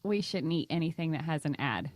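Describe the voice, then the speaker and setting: A woman's voice: low voice, expressive, a little fast, a little mellow, dry recording. A woman who works as a fitness trainer, a podcast guest with a playful, teasing way of talking. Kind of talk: casual banter.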